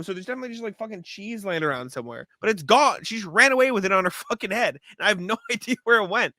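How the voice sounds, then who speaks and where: A young man co-hosting a casual sports podcast, telling stories in an animated way, swearing freely and laughing often. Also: high-pitched, racing, no echo. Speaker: podcast co-host.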